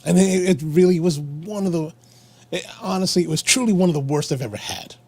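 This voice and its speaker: Gravelly guy with a husky voice, kinda high, chatting casually while he smokes, keeps restarting his sentences. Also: a little fast, a little mellow, no room sound. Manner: rambling storytelling with frequent restarts. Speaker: podcast co-host. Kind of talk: casual chat while smoking a cigar.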